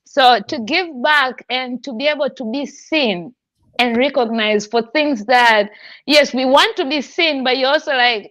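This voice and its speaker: A woman's voice: a little high, a bit bright, dry recording. A woman hosting a podcast, talking in an effusive, heartfelt way and laughing often. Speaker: podcast host. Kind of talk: emotional casual chat.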